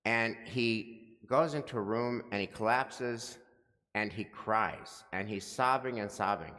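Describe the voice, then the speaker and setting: A man's voice: lowish voice, takes it slowly, bright, forceful tone. A male rabbi giving a holiday sermon in a synagogue, building rhythm through repeated phrases. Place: synagogue sanctuary. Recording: long reverb of a large hall.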